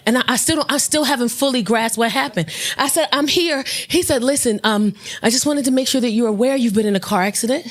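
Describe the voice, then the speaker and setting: Woman stand-up, high voice, brash and foul-mouthed, goes loud and shrill on the big lines. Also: fast talker. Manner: brash, profane storytelling, shifting into loud high shouts at punchlines. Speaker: stand-up comedian. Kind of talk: stand-up comedy storytelling. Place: comedy stage with audience.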